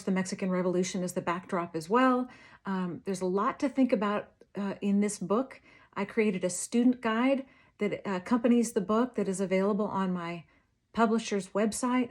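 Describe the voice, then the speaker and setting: A woman author reading the first chapter of her novel in an expressive, dramatic voice. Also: mid-range voice. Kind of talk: first-person book reading, then casual talk to viewers.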